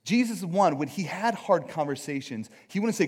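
A man preaching a conversational sermon, animated, acting out quotes and often checking in with his listeners. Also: a little high, fairly quick, few pauses, breathy edge. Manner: animated, acts out quotes, keeps asking "right?". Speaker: pastor.

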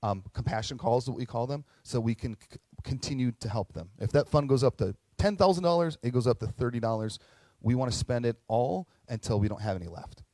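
A middle-aged man preaches in an earnest, conversational way, moving through stories and slipping into quoted voices. His pitch sits in an ordinary middle range. The sound is dry and close, with little room echo. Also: expressive, brisk, darkish tone. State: tearing up at moments. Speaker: pastor. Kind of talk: sermon.

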